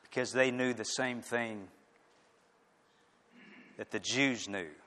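Man, preacher, sermon, slow deliberate delivery, loud-to-hushed swings, echoing hall. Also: medium pitch. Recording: echoey hall with long reverb.

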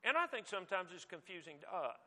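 A man's voice: sits high, big pitch swings, fast talker, bright, forceful tone. A man preaching a sermon in a conversational, emphatic teaching manner. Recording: long hall reverb.

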